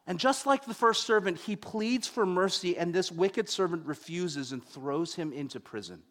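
A young man preaching a sermon, telling stories with wide swings between loud and hushed delivery. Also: sits high, animated, normal speed.

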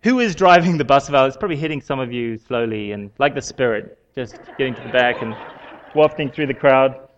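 A man giving a sermon in a conversational way, with frequent pauses and fillers. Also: medium pitch, lively intonation, lo-fi sound, a little hiss or hum. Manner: conversational, halting with many fillers. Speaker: preacher.

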